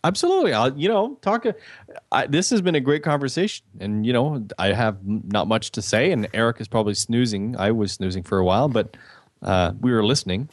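A man's voice: medium pitch, animated, brisk, no room sound. A man telling a story in a casual chat, acting out the quoted dialogue with animation.

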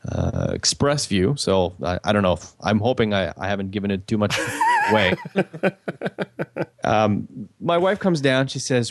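A man's voice: fairly low pitch, very animated, fairly quick, no echo. A man telling a story in a casual chat, acting out the quoted dialogue with animation.

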